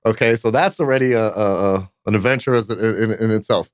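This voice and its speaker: Recorded in clean studio quality with no echo, this Fresno man speaks in a lowish voice at a brisk pace. As a podcast guest, the nightclub promoter wanders through profane, rambling tales, tossing in "blah, blah, blah" along the way.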